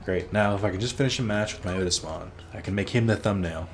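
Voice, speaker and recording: A man's voice: low voice, fast talker, over music. A man hosting a let's play, rambling casually as he plays, swearing freely and teasing himself. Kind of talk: casual gameplay commentary.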